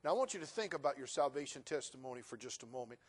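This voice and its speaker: A middle-aged male pastor preaching a sermon, moving from folksy storytelling to loud, emphatic preaching. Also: medium pitch, lively intonation, racing, breathy edge.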